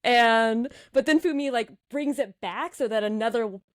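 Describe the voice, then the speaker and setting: A woman playing a tabletop game, describing her character's moves in an animated way. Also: on the high side, moderate pace, dry recording, clean studio sound. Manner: animated, laughing narration of her character's actions. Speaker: player.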